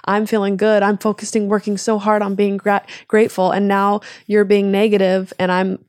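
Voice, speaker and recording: A woman's voice: medium pitch, normal speed, clean tone, no echo, studio quality. Chatty pregnant woman telling a story. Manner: animated storytelling with quoted voices and laughs. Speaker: podcast guest, comedian. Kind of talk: casual chat.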